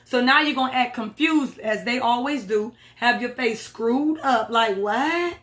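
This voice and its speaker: A woman's voice: a little high, unhurried, a bit bright. A woman recapping reality TV in a blunt, sassy, profane commentary. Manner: sassy, blunt, swears a lot. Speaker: reality TV reviewer.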